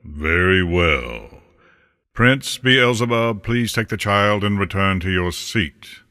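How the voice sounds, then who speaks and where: A man's voice: sits low, expressive, takes it slowly, sharp tone, in a large hall, exaggerated voice. A man voicing Death as a formal, firm judge presiding over a court. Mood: stern. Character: commanding male judge, Death personified.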